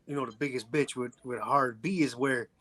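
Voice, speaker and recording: Man, from Chicago, podcast guest, husky, blunt, profane, casual chat. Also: medium pitch, steady tone, brisk, pushed and bright.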